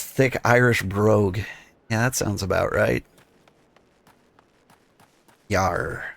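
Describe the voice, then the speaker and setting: A man's voice: fairly low pitch, vocal fry, no room sound. A man casually commenting while he plays a game, with playful joking asides. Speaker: let's play gamer.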